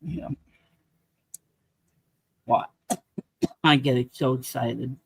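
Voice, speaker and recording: Rich: A man with a gravelly, raspy voice trades dry one-liners as a co-host of a casual stream. The sound is close and dry. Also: medium pitch, fairly even intonation, very slow, a bit bright, no room sound. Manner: dry, short replies. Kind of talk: casual live-stream banter.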